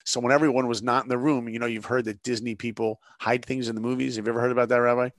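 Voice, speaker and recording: Gravelly-voiced man telling stories. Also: medium pitch, rapid-fire, no room sound, clean studio sound. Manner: animated, emphatic storyteller. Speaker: guest storyteller. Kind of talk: storytelling interview.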